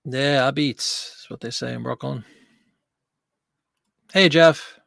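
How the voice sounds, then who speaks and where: A man's voice: mid-range voice, steady tone, slow pace, creaky, long pauses, a bit bright, no echo. A man hosting a casual live stream from a home studio, chatty and jokey, greeting viewers by name. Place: home studio with green screen. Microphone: desk microphone.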